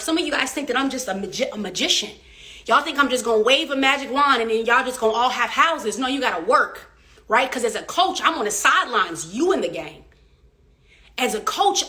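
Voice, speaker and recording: High-voiced woman preaching real estate motivation. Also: bright, forceful tone, husky, no echo. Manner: preachy, emphatic, repetitive call-and-response. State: getting out of breath. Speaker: real estate coach and agency owner. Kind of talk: motivational livestream talk.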